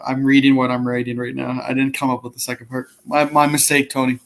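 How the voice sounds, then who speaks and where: A man's voice: mid-range voice, completely flat delivery, fast talker, fairly bright tone. A man hosting a comedy podcast who reads impression prompts aloud and chuckles along. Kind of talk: casual chat.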